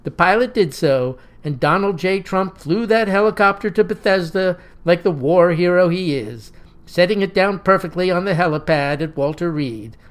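A man's voice: sits high, normal speed. Man reading a wry mock-heroic tale. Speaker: narrator. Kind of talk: satirical storytelling with voiced dialogue.

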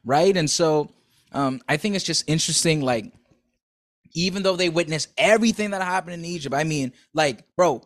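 A man's voice: fairly high pitch, normal speed. A man hosting a solo podcast, reading a Bible passage aloud and then talking it over loosely and chattily. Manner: loose and chatty, full of "like" and "bro". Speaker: podcast host. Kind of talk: Bible reading and casual commentary.

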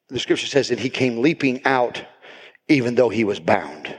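A man preaching a sermon as pastor, building to shouted, repeated emphasis. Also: medium pitch, very animated, fairly quick, breathy edge. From United States. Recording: reverberant hall.

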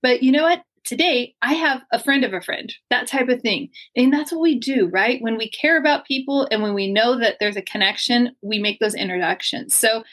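A woman's voice: a little high, normal speed, few pauses, fairly bright tone. A woman hosting a podcast, talking in an upbeat, effusive and chatty way as she introduces her guest. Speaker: podcast host. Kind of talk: enthusiastic interview intro. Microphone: video call.

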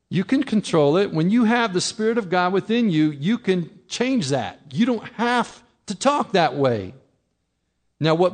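A middle-aged man preaching a sermon in a conversational way, acting out his listeners' objections. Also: fairly high pitch. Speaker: pastor.

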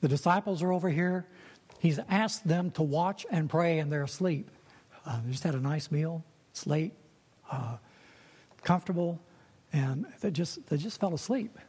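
A man's voice: fairly high pitch, a little mellow, husky. A man preaching a sermon in an earnest way, repeating key phrases for emphasis. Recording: long reverb of a hall.

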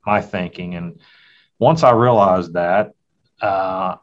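Deep-voiced middle-aged man telling stories. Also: takes it slowly. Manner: folksy, reflective storyteller. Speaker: guest, hunter and father. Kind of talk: casual storytelling in conversation. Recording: dull, lo-fi sound.

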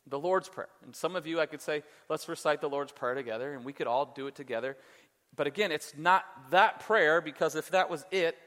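A man with a fairly high voice preaches a sermon to his congregation, pressing his points with emphasis. He repeats words as he restarts and slows down to land what matters. The sound carries the long reverb of a church hall. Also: fairly bright tone. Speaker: pastor. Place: church sanctuary before a congregation.

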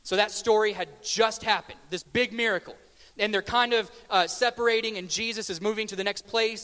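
A man delivers a sermon in a relaxed, conversational way, cracking jokes and slowing down to press his questions. His voice sits high for a man. The sound carries the long reverb of a church hall. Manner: conversational and joking, with slow emphatic questions. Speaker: preacher.

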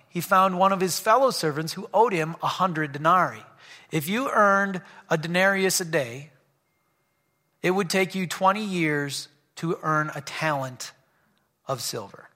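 A man's voice: on the high side, unhurried, pushed and bright. A man preaching a sermon in a church, reading scripture and breaking off into casual, joking asides to the congregation. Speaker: pastor. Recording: long hall reverb.

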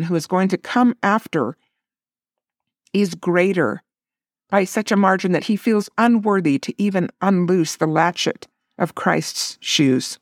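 A woman's voice: lowish voice, no echo, studio quality. A woman giving a casual scripture lesson, reading verses aloud and commenting in a conversational way. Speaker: scripture teacher.

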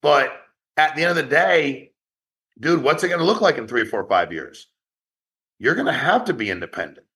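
A man who founded a company, giving a blunt, profane motivational talk to his sales agents in an online meeting, rapid-fire and challenging. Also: on the high side, sing-song, pushed and bright.

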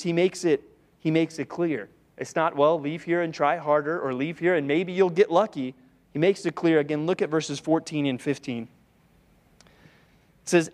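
A man preaches to a church congregation in an easy, conversational way. His voice sits a little high. He peppers his talk with rhetorical questions and briefly slips into voices to act out what people say. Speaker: pastor. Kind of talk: sermon.

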